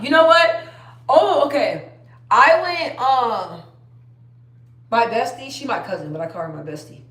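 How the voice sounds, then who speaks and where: A woman's voice: a little high, lively intonation, a little slow, long pauses, a bit bright. A young woman chatting casually on a phone live stream, rambling and trailing off. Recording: roomy echo.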